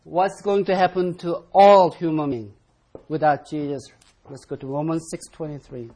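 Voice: medium pitch, steady tone, normal speed, darkish tone, a little hiss or hum. A Bible study teacher leading an interactive class, calling on members to read verses aloud and stressing key words with emphatic repetition.

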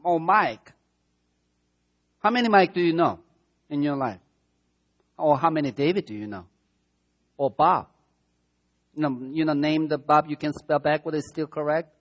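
A man with as a preaching a conversational, verse-by-verse sermon, asking his listeners rhetorical questions and often correcting himself mid-sentence. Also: a little high. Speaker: pastor. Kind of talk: sermon, verse-by-verse Bible teaching.

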